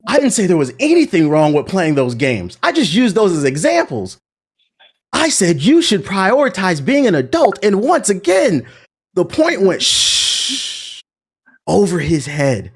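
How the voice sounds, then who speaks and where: A man who makes gaming content, ranting to his chat in an animated, profane and indignant way. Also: fairly high pitch, measured pace, slightly rough.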